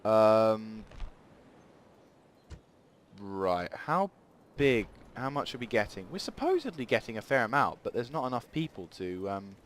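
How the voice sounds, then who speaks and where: A man's voice: fairly low pitch, sing-song, measured pace, slight background noise. A man giving rambling let's play commentary at a desk mic, thinking aloud as he plays. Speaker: gaming channel host.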